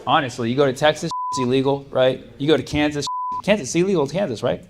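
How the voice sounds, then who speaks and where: Live from a comedy club stage, a man at medium pitch delivers his stand-up set fast. His storytelling wanders, with many fillers and restarted lines, and the recording has steady crowd ambience underneath.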